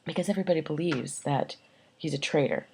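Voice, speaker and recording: A woman teacher walks her class through a scene in a recorded lecture, pausing on fillers and asking "okay?" to check they follow. Her voice sits low and gravelly, mellow in tone, with a faint hiss behind it. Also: poor audio. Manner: explanatory, with many fillers and checks for understanding.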